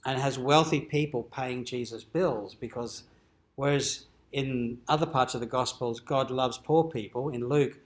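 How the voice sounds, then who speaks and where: A dean leads an adult education forum at a cathedral, giving an informal teaching lecture in a medium-pitched, unhurried voice. He explains things conversationally and raises his voice when reading quoted lines.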